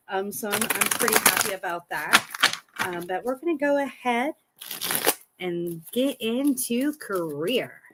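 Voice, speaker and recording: A woman's voice: on the high side, very noisy. A woman hosting a live tarot reading from home, talking in a chatty, encouraging and reassuring way. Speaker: tarot reader.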